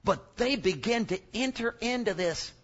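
A man's voice: high voice, lively intonation, normal speed, muffled recording. A male preacher giving a sermon, joking and emphatic, working up from asides to strong points.

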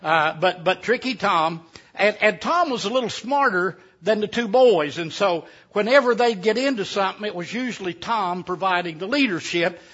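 A man's voice: sits high, expressive, moderate pace, fairly bright tone. A man telling a folksy tale to a live audience, with chatty asides. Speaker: storyteller. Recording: dull lo-fi recording.

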